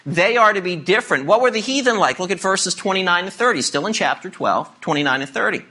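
A man's voice: sits high, expressive, fast talker, pushed and bright. A man preaching as pastor, reading scripture and teaching emphatically with playful asides.

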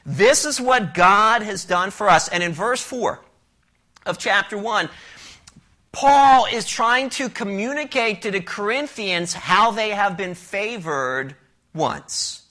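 A male preacher with a high, bright voice delivers an expository sermon. He quotes scripture and presses his listeners with emphatic rhetorical questions.

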